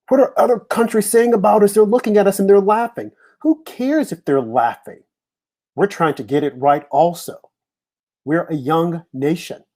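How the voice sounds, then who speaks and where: A man's voice: fairly high pitch, darkish tone, husky. A man hosting a live political talk show, opening with an impassioned monologue full of rhetorical questions. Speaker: host.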